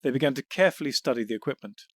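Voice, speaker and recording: Male narrator, measured storytelling; mid pitch, dry close booth. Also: fairly bright tone, no room sound. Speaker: audiobook narrator. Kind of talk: scripted narration.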